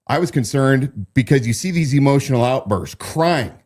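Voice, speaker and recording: With an animated delivery at normal speed, a man riffs on politics as a podcast co-host, talking loosely and frequently starting over or repeating himself. His mid-range voice has a slightly mellow quality.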